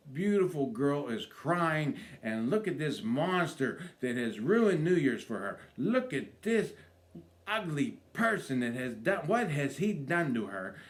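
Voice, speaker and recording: Animated man telling a comic story. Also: fairly high pitch. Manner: animated storyteller, acts out voices. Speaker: stand-up comedian. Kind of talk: comic road story told to camera.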